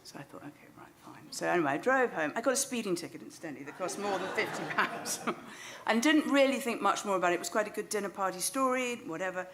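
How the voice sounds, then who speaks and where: A middle-aged British woman, a novelist, tells a self-deprecating anecdote into a microphone on the stage of a small club venue. Her medium-pitched voice is expressive, quick and a bit bright, with a little hiss or hum.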